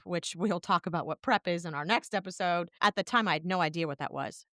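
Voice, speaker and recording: A woman co-hosting a podcast, telling a personal story in a candid, animated way. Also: fairly low pitch, a little fast, hardly any pauses, dry recording, studio quality. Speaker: podcast co-host.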